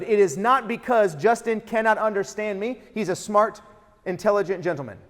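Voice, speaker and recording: A middle-aged man giving a motivational keynote speech, energetic and throwing rhetorical questions at the audience. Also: high-pitched. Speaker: keynote speaker. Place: large event hall. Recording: hall reverb from a live event.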